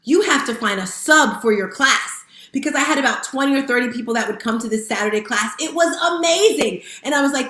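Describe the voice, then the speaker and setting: A woman's voice: a little high, expressive, fairly quick, a bit bright. A woman giving a candid, emotional, live-streamed motivational talk, casually addressing viewers as guys. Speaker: motivational speaker and fitness instructor. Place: room at home with lights set up. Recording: roomy echo.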